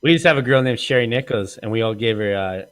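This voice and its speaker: Animated and fast, this man speaks in a mid-range voice. As a podcast host he wanders through crude casual stories, laughing often and reenacting quoted remarks.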